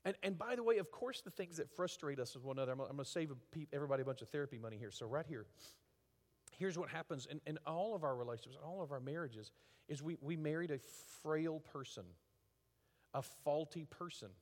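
Man, pastor, conversational sermon, animated, middle-aged, reverberant sanctuary. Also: fairly high pitch, fast. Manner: conversational, animated preaching with acted asides. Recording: long hall reverb.

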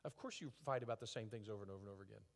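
A middle-aged man preaching a conversational sermon as a pastor, with lively acted asides. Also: on the low side, rapid-fire, vocal fry. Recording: long hall reverb.

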